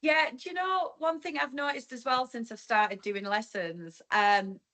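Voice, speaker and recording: A woman's voice: fairly high pitch, a little slow, sharp tone. A woman angling coach and guest in a casual group chat, giving her opinions emphatically.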